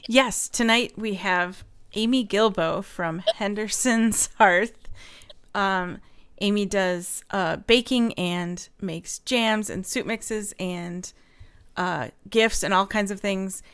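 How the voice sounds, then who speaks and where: Woman, podcast co-host, dry teasing humor, unhurried, gravelly yet smooth voice, video call. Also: mid-range voice, a bit bright. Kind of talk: casual livestream podcast chat.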